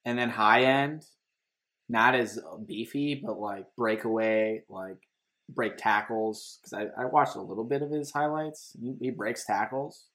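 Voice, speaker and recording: Male sports podcast co-host, mid pitch, casual and argumentative. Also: a little slow, a bit bright. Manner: argumentative, hedging with "like".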